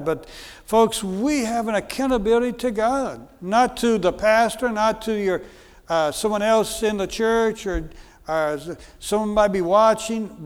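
A man's voice: high voice, smooth. A middle-aged American man preaching a sermon as a guest speaker, earnest and repetitive, with frequent fillers. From United States. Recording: long hall reverb.

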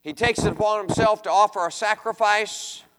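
High-voiced preacher in a big hall. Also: male voice, moderate pace, a little hiss or hum. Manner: animated, acts out pleading voices. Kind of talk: sermon with scripture reading. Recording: long hall reverb.

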